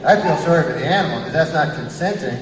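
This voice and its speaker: A man doing a rambling stand-up set, deadpan, with filler phrases. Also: on the high side, fast, very noisy. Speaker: stand-up comedian. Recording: echoey club from far off with loud crowd. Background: audience laughter.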